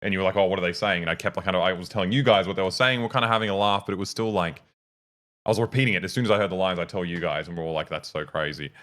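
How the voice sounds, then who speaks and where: A man's voice: low voice, racing, sharp tone. A young man on a casual podcast, telling a story with animation and plenty of swearing. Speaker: co-host.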